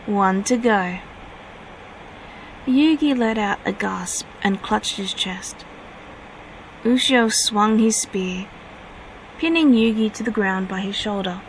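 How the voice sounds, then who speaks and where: A woman reading her own fanfiction aloud at a steady pace, now and then correcting herself. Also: medium pitch, slow pace, slight background noise, low-quality recording.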